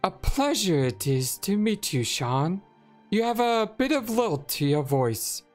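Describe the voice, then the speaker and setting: A kindly female healer and paladin teacher speaks in gentle, old-fashioned phrases, put on by a woman reading game dialogue. Her voice rises and falls a lot. Faint music plays underneath. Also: medium pitch, big pitch swings, measured pace, voice pushed up.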